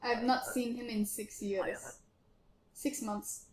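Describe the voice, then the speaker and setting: A high-pitched woman talks through a game in a lively, animated way. She barks orders in a bossy, mock-stern put-on accent. Her voice rings around an echoey room. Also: slow pace. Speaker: let's play gamer. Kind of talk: casual game commentary.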